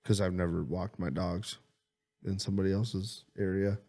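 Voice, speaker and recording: A man with a low, gravelly voice cracking sarcastic, crude jokes as a podcast co-host. He talks casually into a studio mic. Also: fairly even intonation, normal speed, dark tone. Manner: joking, swearing, sarcastic.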